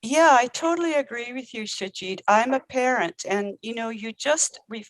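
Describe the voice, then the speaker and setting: A woman talks earnestly about her family and community, her speech full of small pauses and fillers. Her voice is fairly high. The sound is dry and close, with no room echo. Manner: earnest, conversational, many fillers. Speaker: guest, parent and housing advocate. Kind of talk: panel discussion.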